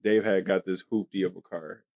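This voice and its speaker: Low-voiced laid-back man. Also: fairly even intonation, fairly quick, darkish tone. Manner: laid-back slangy storyteller. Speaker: podcast co-host. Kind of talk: casual chat.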